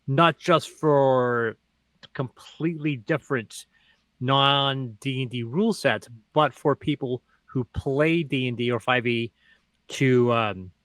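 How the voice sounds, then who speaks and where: A man's voice: mid-range voice, fairly bright tone, no echo. A man co-hosting a gaming podcast who runs his own campaigns, speaking hesitantly with frequent restarts. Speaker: podcast co-host, game master. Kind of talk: casual podcast chat.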